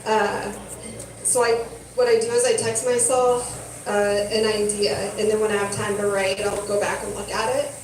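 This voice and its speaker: A woman doing stand-up in a halting, dry, unhurried way. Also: mid-range voice, level tone. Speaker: stand-up comedian. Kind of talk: stand-up set. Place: comedy club stage. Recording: echoey club, distant mic, room noise.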